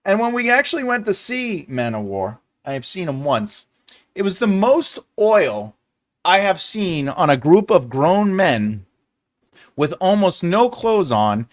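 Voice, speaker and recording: A man in his forties hosts a relaxed live chat with viewers, his voice high-pitched and sing-song with an unhurried pace. His talk wanders, full of jokes and frequent laughter.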